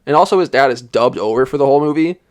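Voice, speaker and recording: A man's voice: mid-range voice, rapid-fire, a little mellow, clear, resonant tone, dry recording. A young man giving a sarcastic, rambling comedic movie review, with lots of "like" fillers. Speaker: film reviewer. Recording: dry voice-over.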